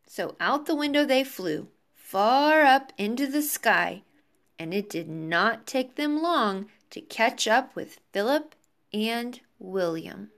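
A woman teacher reading a children's book aloud to her class over a video call, slow and expressive. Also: fairly high pitch. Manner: slow, expressive, warm sign-off to pupils.

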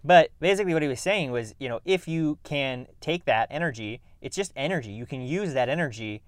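A man talks through stress advice in an earnest, reflective podcast manner, often restarting and sighing between thoughts. His voice sounds smooth and resonant, set at a middle pitch. The sound is dry and close, with no room around it. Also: expressive, fairly quick, no room sound. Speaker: podcast host. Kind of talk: casual self-help talk.

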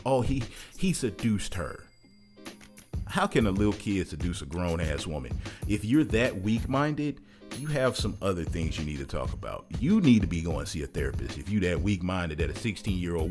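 A man with a deep, low voice talks through a heartfelt monologue. He is earnest and emphatic, piling up repeated words as he presses his point. Soft music plays faintly behind him. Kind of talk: casual monologue.

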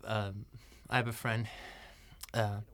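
A man talking loosely on a film commentary as its producer, full of ums and uhs and quick laughs. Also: fairly low pitch, level tone, a bit bright. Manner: rambling, lots of ums and uhs, laughs often. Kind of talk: DVD commentary chat.

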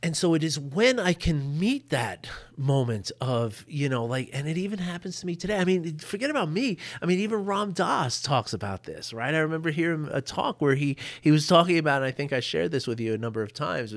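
Chatty man with a higher voice. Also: sing-song, fairly quick, few pauses. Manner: chatty, laughs often, lots of "you know" and "right?". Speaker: mindfulness teacher. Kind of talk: casual teaching talk. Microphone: boom mic.

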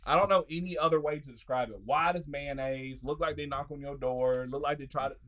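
A man on a casual podcast, telling profane stories loudly and laughing through them. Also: fairly high pitch, fairly even intonation, brisk. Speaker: podcast co-host. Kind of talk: casual storytelling chat.

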